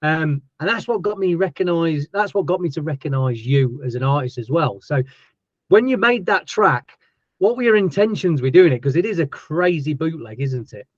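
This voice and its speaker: A man's voice: a little high, expressive, moderate pace, dry recording, dull audio. A man with a Yorkshire accent hosting a casual interview podcast, chatty and jokey with his guests. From Yorkshire, England. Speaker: podcast host.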